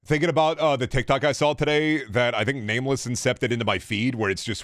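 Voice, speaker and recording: A man's voice: mid-range voice, a little fast, hardly any pauses, fairly bright tone, dry recording, clean studio sound. A man streaming a game with casual, sarcastic joking commentary.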